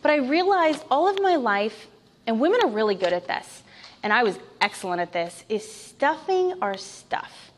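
A woman in her thirties shares a heartfelt Christian testimony, telling her story with candid asides and light laughs. Her fairly high voice is very animated at a moderate pace, with a little hiss or hum in the background.

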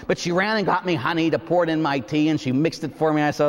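A man, a priest, preaching a sermon and telling a story with animated, acted-out quotes. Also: on the high side, fast, hardly any pauses, big-room sound.

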